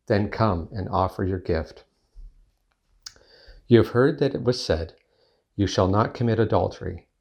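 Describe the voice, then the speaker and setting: A man reading scripture aloud in a measured, formal way. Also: on the low side, darkish tone. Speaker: scripture reader.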